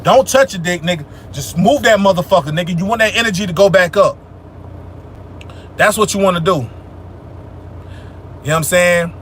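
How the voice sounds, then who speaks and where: This young host takes chat questions during a casual spiritual livestream, speaking at a normal speed with frequent pauses. His voice is high, bright and forceful, his language loose, profane and slangy, and he becomes emphatic and preachy when making a point; traffic hums softly in the background.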